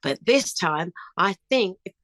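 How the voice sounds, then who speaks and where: A woman's voice: on the low side, expressive, unhurried, a bit bright, dry recording. A middle-aged woman talking as a guest in a casual interview, chirpy and upbeat, telling stories with animation. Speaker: guest singer.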